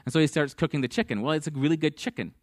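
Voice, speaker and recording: A man's voice: on the high side, rapid-fire, no echo, clean studio sound. A man preaching a sermon, telling stories and acting out the people in them. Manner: storytelling, acts out dialogue. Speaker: pastor.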